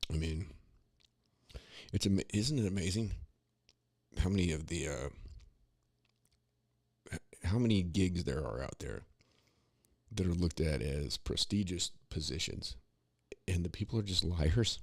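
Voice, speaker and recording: Deep gravelly man, opinionated podcast talk. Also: dry recording. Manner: rambling, opinionated, many restarts and "you know"s. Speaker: podcast co-host. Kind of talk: casual political commentary.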